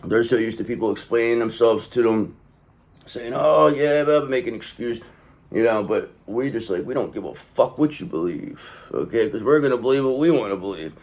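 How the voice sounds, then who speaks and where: A man giving a casual tarot reading, talking in an emphatic, profane, streetwise way and swinging between loud bursts and low asides. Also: a little fast, slight background noise. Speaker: tarot reader.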